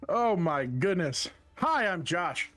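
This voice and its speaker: A man's voice: high-pitched, very animated, slow pace, fairly bright tone. A man, a player and streamer, introducing himself in a joking, casual way. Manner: joking, self-promoting streamer. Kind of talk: casual chat.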